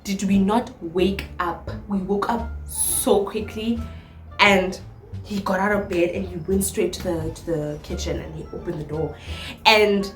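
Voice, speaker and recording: Animated South African woman telling a story. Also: mid-range voice, a little slow, reverberant, faint music behind. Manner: animated storyteller who acts out quoted lines. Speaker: vlogger. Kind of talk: storytime vlog.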